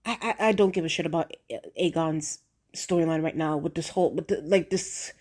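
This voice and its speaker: A woman's voice: low voice, brisk, darkish tone. A woman reviewing a TV episode in a casual vlog, talking bluntly and profanely in slang and speaking straight to her viewers. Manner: outspoken, addresses viewers directly. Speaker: TV show reviewer.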